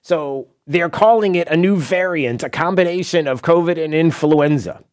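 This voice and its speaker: A man's voice: fairly high pitch, moderate pace, heavy background noise. A man hosting a talk radio show, rambling and sarcastic with plenty of asides. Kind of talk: opinionated talk radio monologue. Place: radio studio.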